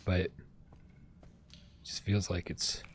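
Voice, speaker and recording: A man's voice: low-pitched, level tone, slow pace, slight background noise. A man streaming a video game, chatting casually and reading on-screen text aloud. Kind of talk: casual gameplay commentary.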